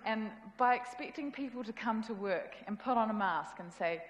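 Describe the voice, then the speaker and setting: A woman's voice: fairly high pitch, normal speed, muffled recording. A woman with a New Zealand accent giving a casual, self-deprecating conference talk. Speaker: conference speaker. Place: event hall. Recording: echoey hall with long reverb.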